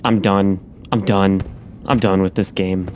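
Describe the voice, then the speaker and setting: Low, slow-talking man muttering through a game. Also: flat delivery, noisy background. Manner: muttering to himself while solving puzzles, wry asides. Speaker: gaming channel host. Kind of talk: let's play commentary.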